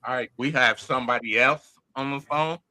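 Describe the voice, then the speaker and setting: A man's voice: mid-range voice, normal speed, pushed and bright, rough recording. A man hosting a podcast, talking casually and encouragingly to a caller. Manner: encouraging, supportive. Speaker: podcast host.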